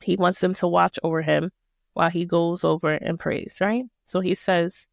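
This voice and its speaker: A woman's voice: fairly low pitch, steady tone, normal speed, vocal fry, no echo, studio quality. A woman hosting a podcast, walking listeners through a Bible passage in a casual, slangy, emphatic way. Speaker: podcast host. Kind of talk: casual Bible study talk.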